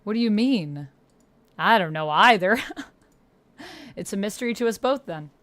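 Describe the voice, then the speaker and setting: A woman's voice: mid-range voice, expressive, normal speed, a bit bright. A woman streaming live, chatting playfully with her viewers and counting out exercises aloud. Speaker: gaming livestreamer. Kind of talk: casual livestream chat with viewers.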